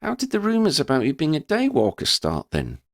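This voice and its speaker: A man's voice: fairly high pitch, huge pitch swings, a little fast, no room sound, studio quality, pitched above the performer's own voice. A man voicing a young female student witch who fires off eager, curious questions.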